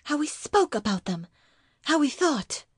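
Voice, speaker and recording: A woman's voice: sits high, sing-song, measured pace, no room sound, clean studio sound, voice pushed up. A woman reading a story and voicing an anxious, devoted young wife who speaks in an earnest, pleading way. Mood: distressed.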